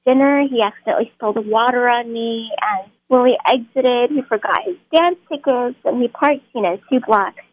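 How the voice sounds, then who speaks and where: A woman's voice: on the high side, moderate pace, few pauses, dry recording. A woman actor, a guest on an interview show, telling stories in a chatty way and laughing easily. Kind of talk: casual interview storytelling. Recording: tinny phone-like line.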